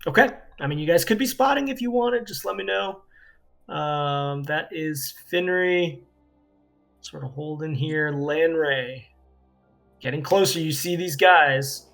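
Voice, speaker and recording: Casual male game master, slightly high voice, loose chatty rulings. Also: measured pace, gravelly, fairly bright tone, faint music behind. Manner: loose, conversational, frequent fillers like "like" and "yeah".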